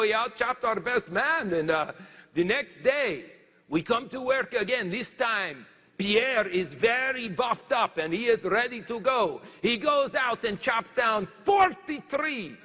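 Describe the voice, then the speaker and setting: Man plays a bragging French woodcutter with a put-on French accent and a high voice. He pauses to hunt for words. Dull, echoing stage sound. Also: lively intonation, full character voice. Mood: storytelling. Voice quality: halting, searching for words. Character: boastful French lumberjack man, storyteller. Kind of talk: comic monologue in character.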